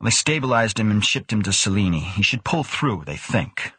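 A man voicing a cheerful, teasing older male colleague with a relaxed, wry manner. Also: on the low side, moderate pace, husky, no room sound, full character voice. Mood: jovial.

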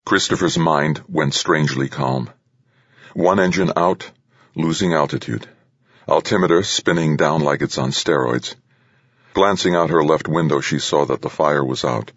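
A man narrating an audiobook thriller in a steady, dramatic reading. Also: very deep voice, normal speed, dry recording. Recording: dull, dry studio read.

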